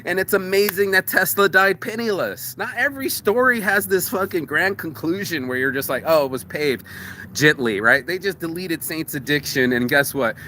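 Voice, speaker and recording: A man hosting a casual motivational monologue, rambling and profane, with wide swings in pitch for emphasis. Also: animated, moderate pace, few pauses, pushed and bright, slight background noise. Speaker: host.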